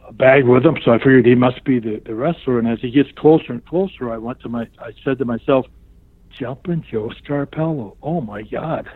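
A man's voice: medium pitch, fairly quick, breathy edge, no echo. An older man, a retired pro wrestler, telling a long anecdote in an interview and acting out what other people said in a raised voice. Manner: animated storyteller who acts out other people's lines in raised voices. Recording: tinny phone-line sound.

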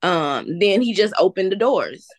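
In a casual interview, a Southern American woman who founded a business shares her story, sounding earnest, faith-filled and encouraging. Her mid-range voice has a sing-song lilt and a measured pace, and the recording is dry.

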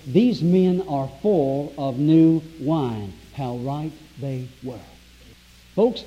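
Male preacher, emphatic and exclaiming, slightly high voice, dull recording. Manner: emphatic, rising to loud exclamations. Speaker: pastor. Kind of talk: sermon. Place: church sanctuary. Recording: dull lo-fi recording with long hall reverb.

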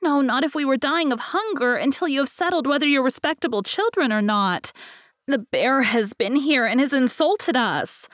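A woman voicing shrill, angry young bird chicks in a storybook, screaming and indignant. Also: animated, normal speed, a bit bright, no echo, clean studio sound.

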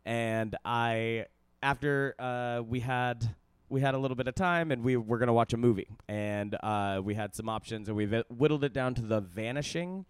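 A man's voice: mid-range voice, normal speed, clean tone, no echo. A young man co-hosting a podcast, chatting casually and teasing his co-host with rambling, filler-filled jokes. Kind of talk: casual chat.

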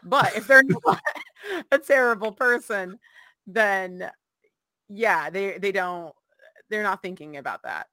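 Woman with a bright voice, dry close mic, wry quick comments on a podcast. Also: medium pitch, no echo. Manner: quick, wry interjections, laughs easily. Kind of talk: casual chat.

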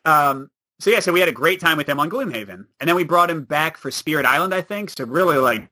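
A man chatting as a podcast guest, animated and laughing often. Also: a little high, quick pace. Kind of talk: casual chat.

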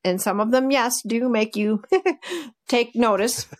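A woman dog trainer in casual podcast conversation, telling lively stories and acting out her dogs' reactions. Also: fairly high pitch, slow pace.

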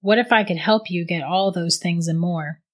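Lady reading as a low gruff smooth-talking tempter guy, coaxing. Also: moderate pace, natural voice. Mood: persuasive. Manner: coaxing, persuasive. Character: tall smooth-talking male tempter, devil's recruiter.

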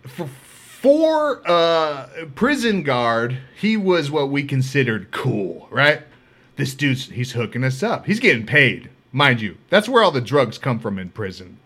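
A man hosting a podcast, telling comedic stories in a loud, profane, laughing way. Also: mid-range voice, sing-song, measured pace, husky. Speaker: podcast host. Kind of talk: comedic storytelling.

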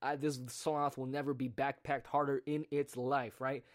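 A man's voice: mid-range voice, little pitch movement, moderate pace. A young man telling a story in a casual monologue, ranting with sarcastic, profane asides. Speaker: podcast host.

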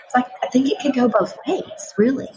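A middle-aged woman talking thoughtfully in a relaxed conversation, slowing down and showing how breathing works. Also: sits high, a little hiss or hum, low-quality recording. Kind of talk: reflective conversational chat.

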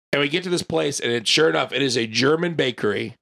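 A podcast co-host telling a long, rambling story in casual chat, full of "like" and the odd swear word. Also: male voice, on the high side, rapid-fire, creaky, hardly any pauses, a bit bright.

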